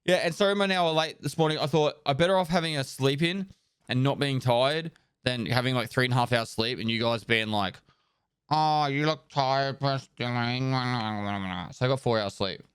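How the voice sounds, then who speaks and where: A man streaming live, casually chatting and rattling off viewer names and thanks in quick bursts, loose and joking with the odd swear, into a close desk microphone. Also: medium pitch, a bit bright, clear, resonant tone, no echo. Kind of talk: casual live-stream chat, reading out subscriber thank-yous.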